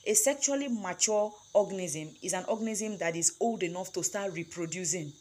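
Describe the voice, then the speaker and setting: A woman's voice: on the low side, a little hiss or hum. Emphatic woman teaching farming. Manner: emphatic, repeats key words with tag questions. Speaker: snail farming mentor. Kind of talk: instructional talk.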